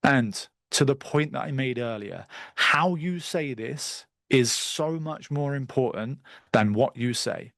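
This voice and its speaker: A man teaching a live online sales masterclass over a video call, direct and brisk, with the odd bit of crude slang. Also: mid-range voice, fairly bright tone, no echo. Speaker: sales trainer.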